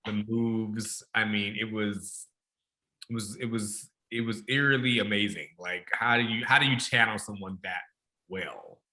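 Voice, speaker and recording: A man's voice: fairly low pitch, measured pace, sharp tone, rough recording. A man with a Southern accent, co-hosting a podcast in a casual, enthusiastic way, often repeating words as he thinks. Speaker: podcast co-host. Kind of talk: casual conversation.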